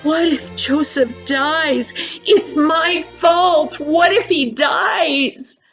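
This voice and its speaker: A woman's voice: high-pitched, slow, faint music behind. An older woman voicing a guilt-stricken young boy, tearful and pleading, breaking into sobs. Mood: distraught.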